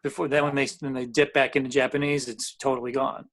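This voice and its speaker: A man's voice: mid-range voice, level tone, fast talker, a bit bright. A man speaking as a guest on a casual panel discussion, easygoing and explanatory.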